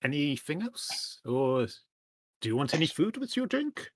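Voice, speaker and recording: A man narrates a tabletop game as a stand-in game master, pausing often with ums. His pitch is lively and moves a lot. The sound is close and dry. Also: dry recording. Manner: hesitant, many ums, apologetic.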